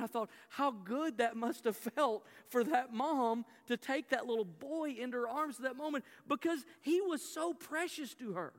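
This is a middle-aged man preaching in a church hall, his voice very high-pitched, bright, and forceful. As a pastor he narrates a story, questions the congregation, and frequently repeats what he says, with long hall reverb on the recording.

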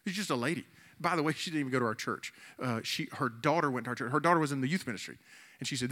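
A man's voice: mid-range voice, fast, pushed and bright. Earnest man preaching in a reverberant hall. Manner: earnest, repeats words, acts out quoted voices. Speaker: pastor. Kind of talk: sermon. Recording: long reverb of a large hall.

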